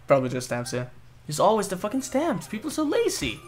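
Young man, gaming commentary, swearing, laughing, very animated pitch, faint game music. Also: fairly quick. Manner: excitable, swears a lot, bursts into loud laughter. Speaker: gaming video host. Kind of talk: casual let's-play commentary.

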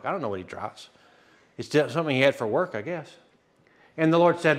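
A man's voice: medium pitch, lively intonation, quick pace. A man pastor telling a testimony in a sermon, acting out dialogue and laughing often. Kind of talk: sermon storytelling.

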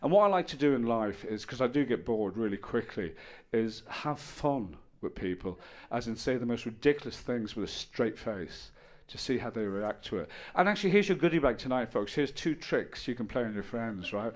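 A middle-aged man doing a stand-up set on stage, telling stories deadpan with bursts of loud exasperation. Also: mid-range voice, moderate pace. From Ireland. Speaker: stand-up comedian. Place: comedy stage with audience.

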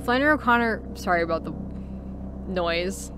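A woman's voice: mid-range voice, expressive, moderate pace, noisy background. Casual Californian woman, unedited home book-review talk, chatty and rambling. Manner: chatty, rambling, with fillers and laughs. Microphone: home recording, unedited.

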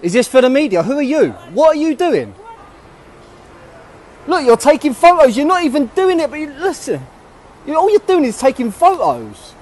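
A man's voice: very high voice, sing-song, normal speed, darkish tone. A British man confronting people on the street, firing the same questions again and again. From United Kingdom. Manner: confrontational, repeats his questions. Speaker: passer-by filming.

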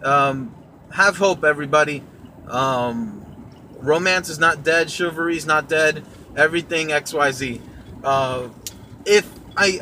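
A young man telling a personal story in a casual, rambling way, full of "um"s and restarts. His voice sits a bit high and sounds bright and tense. A faint hum runs underneath. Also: unhurried. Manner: rambling, with many fillers and restarts. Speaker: podcast host and vlogger.

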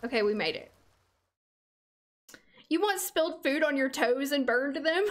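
Lively high-voiced woman streaming a game. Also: measured pace, pauses often. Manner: chatty, laughs often, talks to game characters. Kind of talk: casual gameplay livestream chat. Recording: faint music behind.

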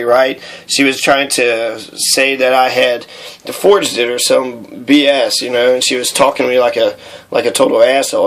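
Brief: man, monotone and gravelly, casual halting vlog chat. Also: medium pitch. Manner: halting, with many fillers, aggrieved. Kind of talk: casual vlog walkthrough of documents.

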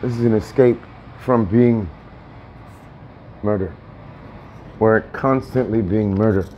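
A man's voice: lowish voice, slow, mellow, muffled recording, slight background noise. Agitated aggrieved man ranting at home. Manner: aggrieved, repetitive, swearing. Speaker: tenant vlogger. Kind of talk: agitated personal vlog rant.

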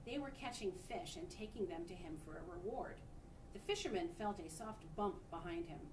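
Lively woman reading a picture book. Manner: expressive, pauses to show pictures. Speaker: storybook reader. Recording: echoey room, distant mic, faint rumble.

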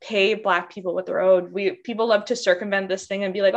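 A woman's voice: medium pitch, normal speed, creaky, highs cut off. A woman speaking as a panelist in a candid discussion, passionate and outspoken. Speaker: workshop panelist.

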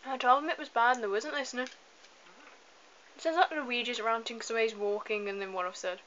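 Woman let's-player, rambly and apologetic, crisp bright tone, lo-fi home recording. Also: on the high side, steady tone, fairly quick. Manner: chatty, rambling, apologetic asides. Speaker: gameplay commentator. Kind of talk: casual let's-play commentary. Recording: slightly dull lo-fi home mic with faint hiss.

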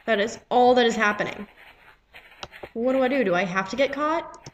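A woman's voice: medium pitch, expressive, a little fast, a little hiss or hum, low-quality recording. A woman commenting casually on a game she is playing, exasperated and chattering, chanting along with the action. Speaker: gaming video host. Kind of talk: casual let's-play commentary. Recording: game music playing behind.

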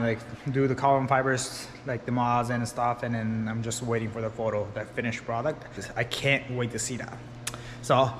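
A man's voice: medium pitch, low-quality recording. A man who wraps cars, narrating his shop work casually with many fillers and restarts. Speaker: vinyl wrap installer. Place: workshop.

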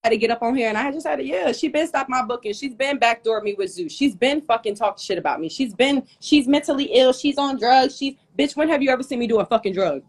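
A woman's voice: high-pitched, animated, fast, few pauses, husky. Furious woman ranting on a live stream. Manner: angry, profane, confrontational. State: hot and sweating. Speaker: livestream host. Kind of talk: heated livestream rant.

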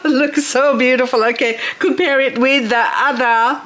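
A woman's voice: high-pitched, steady tone, normal speed, hardly any pauses, fairly bright tone. A woman vlogger unboxing plants, gushing and exclaiming often as she repeats her words. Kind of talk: casual unboxing vlog.

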